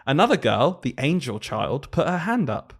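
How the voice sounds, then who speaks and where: A man's voice: mid-range voice, sing-song, normal speed, gravelly, slightly rough. A man, a primary teacher co-hosting a podcast, telling classroom stories in casual chat and often laughing as he talks.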